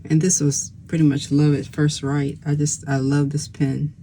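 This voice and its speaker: This is a mellow, darker-toned voice at a middle pitch, belonging to a pen and stationery reviewer. The delivery is casual show-and-tell chat. It is easygoing and meandering, with frequent small restarts mid-sentence. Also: little pitch movement, normal speed, slight background noise, poor audio.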